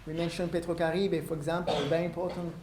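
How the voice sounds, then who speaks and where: In a university lecture room, a French ambassador addresses an audience in a fairly high, flat voice that is going hoarse. He halts often and says um a lot, and with no microphone the recording captures an echoey room and faint background noise.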